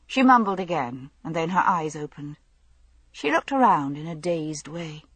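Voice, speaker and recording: A woman reading a mystery novel aloud as an audiobook narrator, in a measured, even manner. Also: deep voice, slightly rough, no room sound.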